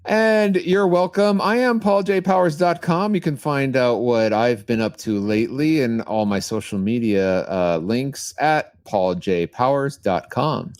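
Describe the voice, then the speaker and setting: A man co-hosting a podcast, making quick jokes and asides. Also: medium pitch, darkish tone, smooth. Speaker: podcast co-host. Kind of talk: casual chat.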